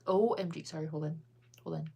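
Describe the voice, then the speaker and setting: A woman's voice: sits low, steady tone, brisk, creaky, mellow, husky. A woman chatting casually with viewers on a live stream, bubbly and full of "like" fillers.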